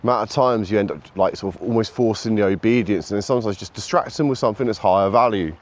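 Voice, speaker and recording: Out on a countryside walk, a dog owner and trainer films himself on a camera he carries, talking fast and casually about training. Between remarks he calls to his dog in a high sing-song voice.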